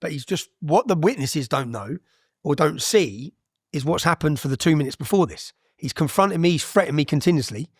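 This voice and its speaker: A man's voice: on the high side, expressive, brisk, breathy edge, no room sound, clean studio sound. A man, a guest on an interview podcast, telling his story bluntly and with energy, with frequent "yeah?" tags and some swearing.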